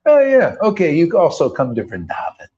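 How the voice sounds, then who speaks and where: A man's voice: a little high, wildly swooping pitch, moderate pace, warm tone. A man voicing a breezy, chummy male deity. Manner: offhand and chummy. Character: Lord Chaitanya, a breezy, welcoming male deity. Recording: dull lo-fi recording.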